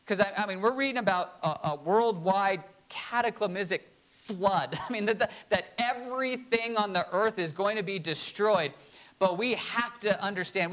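Man, pastor, high voice, sermon, slow emphatic reading, short laughs. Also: fairly bright tone, rough recording.

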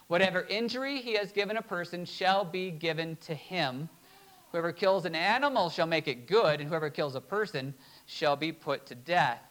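A pastor preaching a sermon, reading scripture slowly and emphatically, with short laughs between points. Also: male voice, fairly high pitch, fairly bright tone, rough recording.

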